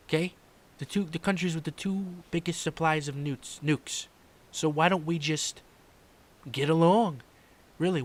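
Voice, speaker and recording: A man doing a comedic impression of a brash older male politician who rambles in circles and lets "folks" and "okay" trail off quietly. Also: on the high side, close to an everyday voice. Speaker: podcast host doing an impression.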